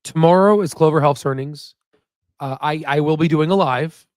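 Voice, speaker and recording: A man's voice: fairly high pitch, normal speed, a little mellow, dry recording, studio quality. A man hosting his own stock investing channel in a casual, chatty way, often repeating himself and laughing easily into a new desk microphone. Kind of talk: casual livestream chat.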